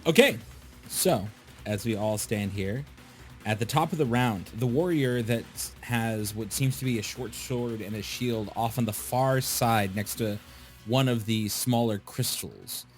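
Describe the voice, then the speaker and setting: A man narrating a tabletop game as game master, describing the scene slowly and addressing the players. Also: mid-range voice, faint music behind. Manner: slow, descriptive narration with asides.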